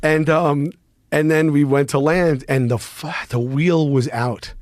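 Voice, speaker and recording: A man on a podcast telling a story casually, animated and profane, often restarting his sentences. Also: a little high, a little slow, no echo, studio quality. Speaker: podcast guest.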